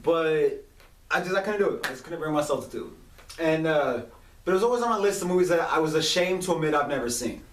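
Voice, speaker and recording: A young man in his late twenties talks in a chatty, animated way as the host of his own show. His voice sits a bit high, and he sounds distant from the mic in an echoey room. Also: fast. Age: 20s. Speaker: podcast host. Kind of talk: casual monologue.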